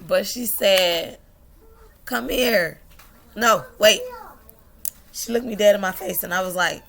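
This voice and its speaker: A young woman shares a personal story, her voice gravelly with a bright edge. She talks slowly and unhurriedly, drifting between tearful and laughing. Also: mid-range voice. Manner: emotional, laughing and tearful at times. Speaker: vlogger.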